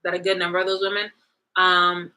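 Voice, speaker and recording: A woman with a lowish voice and a bright, forceful edge, venting to her audience. She talks bluntly and swears freely, laughing as she goes and dropping from loud bursts to low mutters. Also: level tone, a little fast, rough recording. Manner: profane, blunt, swings between loud and low; laughs often mid-rant. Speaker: vlogger. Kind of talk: casual rant to camera.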